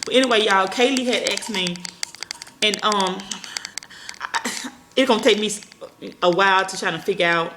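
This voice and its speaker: A woman's voice: medium pitch, moderate pace, pauses often, background noise. A woman vlogging at home, chatting casually and profanely to her viewers as y'all, rambling from one thought to the next. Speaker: parenting vlogger. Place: small room at home. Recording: echoey room.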